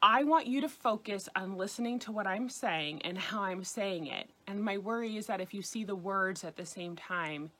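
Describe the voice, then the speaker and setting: An American woman with a New York accent gives a scripted French lesson. She speaks clearly and deliberately, and she slows right down on the example words. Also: medium pitch, pushed and bright. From United States. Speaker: French teacher on a video channel.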